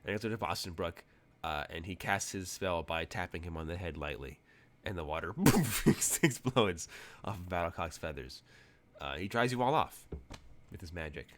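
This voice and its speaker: A man's voice: low-pitched, animated, moderate pace, slight background noise. A man narrating as game master of a tabletop game, loose and chatty with frequent laughs.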